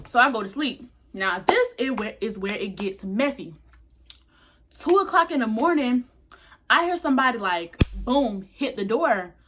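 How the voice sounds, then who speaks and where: A woman's voice: a little high, very animated, a little slow, fairly bright tone, a little hiss or hum. A young woman casually telling a candid, slangy storytime to her camera. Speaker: vlogger.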